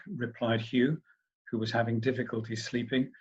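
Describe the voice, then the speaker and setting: A man, a professor, reading a humorous story aloud in a measured, expressive way. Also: medium pitch, dull audio.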